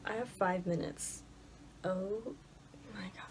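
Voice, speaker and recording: Here a college student vlogger with a Michigan accent talks slowly and casually in her bedroom, her voice medium in pitch. Nervousness colors her chat, and she keeps slipping into whispers. The recording carries steady noise from a lawnmower outdoors.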